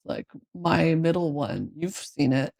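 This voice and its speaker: A woman's voice: low voice, expressive, takes it slowly, vocal fry, darkish tone. A woman co-hosting a casual podcast chat, telling family stories and laughing often. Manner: laughs often, acts out her kids' lines in story. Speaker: podcast co-host.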